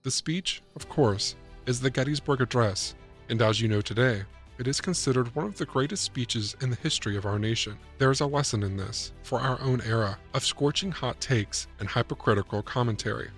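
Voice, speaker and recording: A man narrating a scripted reflective essay as a commentator, calm, measured and persuasive. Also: medium pitch, soft background music.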